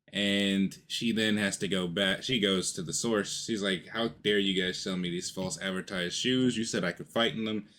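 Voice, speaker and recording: Rambling, low-voiced man reviewing a show. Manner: rambling, filler-heavy, swears casually. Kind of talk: casual review vlog.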